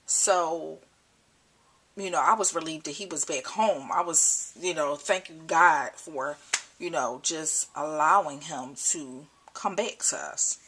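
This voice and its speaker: A young mother talking to the camera at home, emotional and choked up, halting and repeating herself. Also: deep voice, a bit bright, slight background noise. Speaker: mother vlogger. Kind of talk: personal vlog talk. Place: at home indoors. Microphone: camcorder built-in mic.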